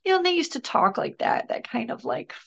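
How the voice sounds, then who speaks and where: A middle-aged woman, a podcast guest, recounting a personal story in an earnest, halting, emotional way. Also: high voice, sing-song, vocal fry, fairly bright tone, low-quality recording.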